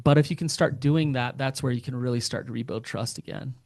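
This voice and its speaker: A man's voice: mid-range voice, fairly even intonation, a little fast, darkish tone, no room sound, clean studio sound. A man speaking as a couples therapist in a podcast interview, earnest and often acting out what partners say. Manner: earnest, acts out quoted partners.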